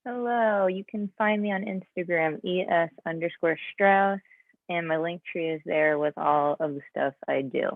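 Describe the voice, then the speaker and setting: A woman reading her poem at an online open mic in a deadpan manner. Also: on the low side, moderate pace, no echo. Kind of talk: poetry reading. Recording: dry, phone-like line.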